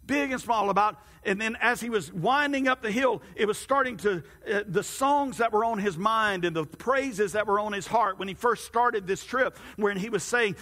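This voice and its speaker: A man preaching a sermon, telling a story in an animated, halting way in a large hall. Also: high-pitched. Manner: animated, halting narration with repeated restarts. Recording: long hall reverb.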